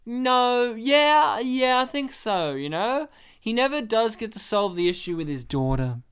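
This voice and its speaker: A man's voice: very high-pitched, very animated, a little slow, fairly bright tone, clean tone. A man co-hosting a casual movie commentary podcast, full of crude jokes and frequent laughter. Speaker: podcast co-host.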